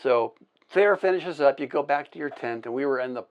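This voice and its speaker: A man with a mid-range voice chatting on a podcast set, spinning an anecdote. He swears casually, stumbles and restarts, and punches up his story with sound effects and shouted quotes. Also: medium pitch, lively intonation, fairly quick, lo-fi sound. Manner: profane, full of restarts.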